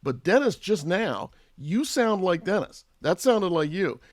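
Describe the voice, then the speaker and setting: A man, a TV news correspondent, telling stories in a lively, joking way while chatting with colleagues. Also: high voice, measured pace, dry recording, studio quality. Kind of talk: casual chat among colleagues.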